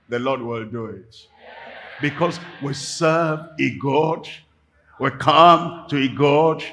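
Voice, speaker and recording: An older pastor from Nigeria preaching a sermon, emphatic and repetitive, rising to fervent calls. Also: male voice, on the high side, fairly bright tone.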